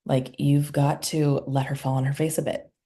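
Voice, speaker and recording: Low, gravelly-voiced woman telling session stories. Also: level tone, moderate pace, dark tone. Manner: recounts client sessions, acting out quoted dialogue. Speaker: somatic healer and couples facilitator, guest. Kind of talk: conversational podcast interview.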